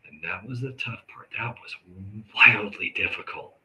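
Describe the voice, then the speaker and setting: Host, male, bright ringing low-ish voice, candid heartfelt talk with sudden loud bursts. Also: poor audio. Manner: earnest, conversational, with sudden loud outbursts and quick asides. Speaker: live show host. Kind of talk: candid talk to camera about grief and forgiveness.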